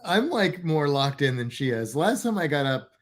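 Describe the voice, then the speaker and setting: A man's voice: fairly high pitch, big pitch swings, normal speed. A man co-hosting a casual livestream, talking in rambling, self-interrupting bursts and joking around. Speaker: livestream co-host. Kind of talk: casual chat.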